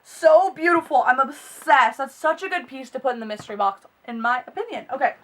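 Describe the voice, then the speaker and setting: Gushing high-voiced young woman vlogger. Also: a little fast, far from the mic. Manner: gushing and excitable, gasps and squeals. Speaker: beauty vlogger. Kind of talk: unboxing vlog chat.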